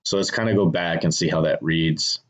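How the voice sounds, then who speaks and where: A man with a very low voice talks casually through his screenplay edits. He thinks aloud, restarting sentences and filling pauses as he goes. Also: fairly even intonation. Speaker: screenwriter teaching revision. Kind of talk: casual instructional talk.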